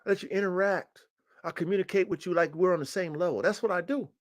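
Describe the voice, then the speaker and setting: A fast-talking dog breeder hosts a livestream about his working dogs, swaggering, boastful and profane, his pitch jumping up whenever he gets hyped. It's a casual monologue picked up on a streaming mic.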